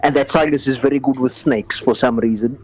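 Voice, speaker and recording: A man voicing a squeaky-voiced, suspicious young man in a tabletop game, pressing his point. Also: fairly even intonation, brisk, darkish tone, natural voice, low-quality recording. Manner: pressing, persuasive.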